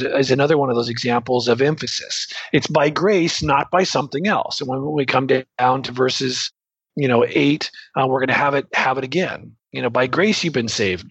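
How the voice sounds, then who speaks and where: A man's voice: medium pitch, a bit bright, breathy edge, no echo, highs cut off. A man teaching Greek grammar in a loose, conversational way, explaining ideas through everyday analogies.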